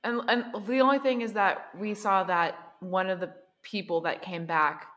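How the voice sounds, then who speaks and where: A woman's voice: medium pitch, fairly even intonation, normal speed, fairly bright tone. A woman playing a tabletop game who speaks eagerly and tries to soothe others. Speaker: player. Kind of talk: tabletop role-play.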